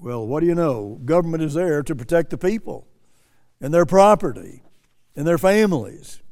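Man, sermon, earnest, repeats phrases, higher voice, reverberant sound. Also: lively intonation, normal speed, a little mellow. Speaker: preacher. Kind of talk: sermon commentary.

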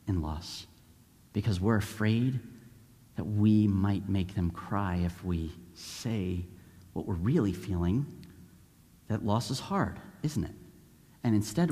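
A man preaching a sermon in an animated way, acting out the voices of the people in the story. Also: on the low side, big-room sound. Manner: animated, acts out voices of Bible figures.

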